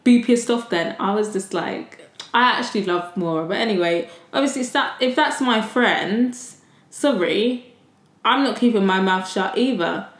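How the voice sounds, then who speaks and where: A woman chats through a reality show episode on her podcast, animated and gossipy, and she swears freely. Her voice sits at an ordinary middle pitch for a woman. The room around her desk mic rings with a noticeable echo. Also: normal speed. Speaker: podcast host. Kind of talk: casual reality TV recap. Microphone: desktop USB mic.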